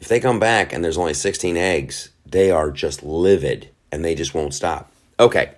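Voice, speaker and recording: A man hosting a podcast, rambling through casual commentary, often laughing at his own jokes. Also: deep voice. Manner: quick asides and restarts, animated. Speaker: podcast host.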